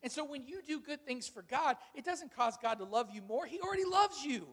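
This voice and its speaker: A man's voice: extremely high pitch, animated, a little fast, a bit bright, long reverb tail. A male pastor preaching a sermon in a casual, conversational way, drawing responses from the congregation in a church sanctuary.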